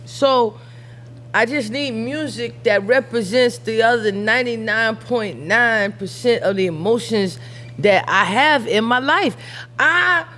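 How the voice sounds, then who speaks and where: A woman's voice: on the high side, expressive, unhurried, fairly bright tone. A woman rapper being interviewed, talking bluntly and jokingly in casual slang.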